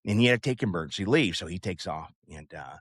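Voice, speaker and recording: A man in his fifties tells a long personal story in a low, unhurried voice. He rambles, with plenty of "uh" and "you know" asides. The sound is close and dry, with no room echo. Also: lively intonation, breathy edge. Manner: rambling, many fillers and asides. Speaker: podcast host. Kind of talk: casual storytelling.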